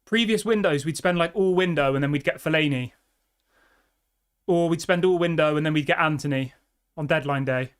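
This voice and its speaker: Excitable football fan on a live stream. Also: male voice, fairly high pitch, a little fast, clear, resonant tone. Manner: excitable, chatty, reads viewer comments. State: out of breath. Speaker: fan channel host.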